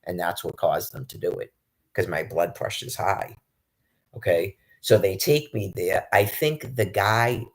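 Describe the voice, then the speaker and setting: A man's voice: deep voice, a little slow. A man in a rambling, agitated, profanity-laden monologue about being homeless, with frequent restarts. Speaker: public access show guest.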